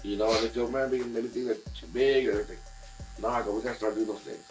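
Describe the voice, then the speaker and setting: A man's voice: medium pitch, steady tone, fast, a little mellow, faint music behind, poor audio. A man, a guest musician in casual chat in a barbershop, telling a long story with many fillers and restarts.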